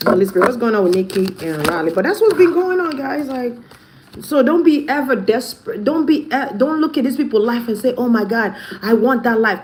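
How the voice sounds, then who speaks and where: A woman with a high voice talking straight to her audience in a loose vlog. She is blunt and profane and keeps laughing mid-sentence, with a faint hiss of noise behind her. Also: darkish tone. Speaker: vlogger. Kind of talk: casual commentary.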